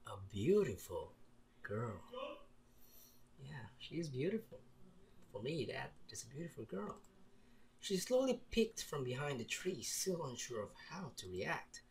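A man's voice: medium pitch, darkish tone. A man from the Philippines playing a visual novel, reading its lines aloud with playful, jokey asides. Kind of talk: let's play commentary and narration.

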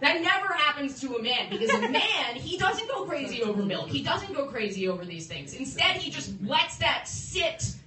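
A woman's voice: high voice, very animated, moderate pace, few pauses, a crowd in the background. Young woman doing stand-up, heard from afar. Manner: chatty, self-interrupting, laughing between jokes. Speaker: stand-up comedian. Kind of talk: stand-up set. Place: comedy club. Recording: roomy, distant phone stream with background noise.

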